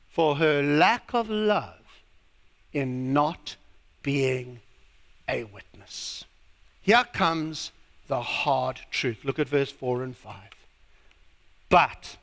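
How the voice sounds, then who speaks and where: A man's voice: a little high, a bit bright. A South African man preaching a sermon as pastor, emphatic and drawing out his words. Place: church hall. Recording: long reverb of a church hall.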